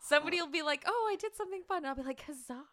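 A young woman chatting playfully as a podcast co-host. She giggles often and wanders off into rambling asides. Her voice is high and bright, and it bounces widely in pitch. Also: animated, very fast. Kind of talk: casual chat.

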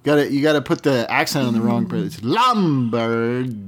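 A man's voice: medium pitch, fast. A man co-hosting a casual podcast, needling his partner with dry, teasing questions. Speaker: podcast co-host.

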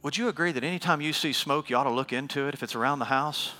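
A man's voice: fairly high pitch, fast talker, pushed and bright, in a large hall. A man preaching a sermon, emphatic, asking the congregation questions and calling for responses. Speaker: pastor.

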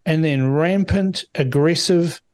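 A man on a political panel, telling stories in an animated way, stumbling over his words. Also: on the high side, slow. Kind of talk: casual panel discussion.

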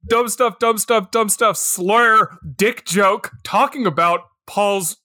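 A man's voice: sits high, slow, bright, forceful tone, no room sound, clean studio sound. A man co-hosting a podcast, mocking a movie in disbelief and laughing often. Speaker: podcast co-host. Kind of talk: casual comedic movie recap.

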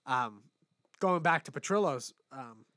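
A man's voice: medium pitch, lively intonation, measured pace, sharp tone, dry recording, studio quality. A young man in casual chat, rambling and swearing freely, with frequent laughs. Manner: rambling, profane, laughs often.

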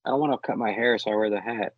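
A young man with a lowish voice chats loosely on a podcast, rambling and laughing. His voice comes through a slightly dull mic in a dry, dead room. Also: fairly even intonation, very fast, slightly rough, no echo. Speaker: podcast co-host. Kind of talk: casual chat.

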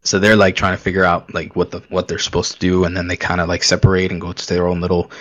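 Low-voiced man griping casually. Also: completely flat delivery, quick pace, fairly bright tone, lo-fi sound. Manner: griping, rambling with fillers and laughs. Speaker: podcast co-host. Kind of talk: casual chat recapping a TV show.

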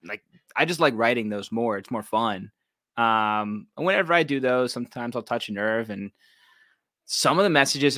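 A man's voice: mid-range voice, a bit bright, no echo, clean studio sound. A man guesting on a podcast, telling easygoing anecdotes with frequent laughs. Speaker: guest, sports content creator. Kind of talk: casual podcast chat.

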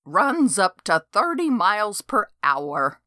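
A woman's voice: medium pitch, sing-song, takes it slowly, sharp tone, no echo, studio quality, exaggerated voice. A woman reading as a feisty, folksy older woman who is proud of her homemade go-kart, in an audiobook.

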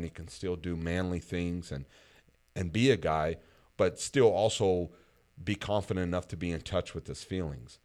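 A man's voice: low-pitched, darkish tone. A man hosting a casual conversation, talking reflectively with frequent fillers.

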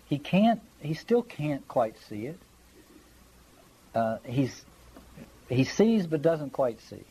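A man's voice: on the high side, very animated, slow, dark tone, breathy edge, poor audio. A man giving a conversational Bible study lecture, reading passages aloud and stressing his points while checking in with his listeners. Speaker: Bible teacher.

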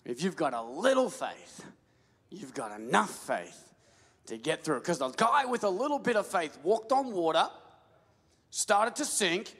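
A male pastor preaching a sermon, building to shouts and calling on the crowd to answer back. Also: high-pitched, big pitch swings, unhurried, husky. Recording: long hall reverb.

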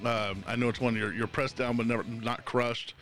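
A man's voice: medium pitch, little pitch movement, normal speed, fairly bright tone. A man hosting a casual podcast chat, thoughtful, repeating words as he works out his point.

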